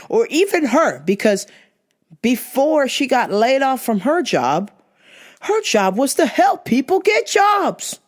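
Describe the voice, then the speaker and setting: A young woman telling a story to camera in a casual, exasperated rant, swearing freely and rising to shouts. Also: high voice, big pitch swings, takes it slowly. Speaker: vlogger.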